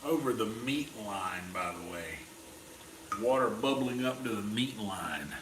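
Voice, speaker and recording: A wisecracking man with a lowish voice chats on a cooking stream. His voice rings in a roomy space, with clear background noise around him. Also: lively intonation, measured pace. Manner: jokey, wisecracking. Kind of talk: casual chat on a cooking livestream.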